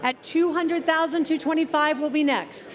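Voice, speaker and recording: A woman working as an auctioneer at a live car auction, calling bids in brisk patter and teasing the bidders. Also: sits high, steady tone. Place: auction tent at an outdoor car show.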